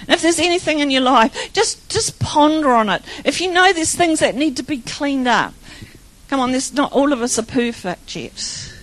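A woman's voice: high-pitched, lively intonation, moderate pace, a bit bright, poor audio. A middle-aged woman giving an informal sermon full of personal stories, chatty and rambling, often laughing. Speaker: preacher.

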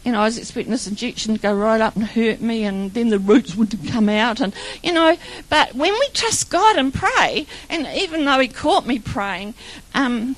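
A woman's voice: fairly high pitch, lively intonation, moderate pace, poor audio. A middle-aged woman giving an informal sermon full of personal stories, chatty and rambling, often laughing. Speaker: preacher.

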